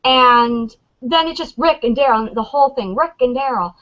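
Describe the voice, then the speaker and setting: A woman on a convention panel, chatting excitedly and acting out lines from scenes. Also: a little high, normal speed, lo-fi sound. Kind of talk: animated fan chat.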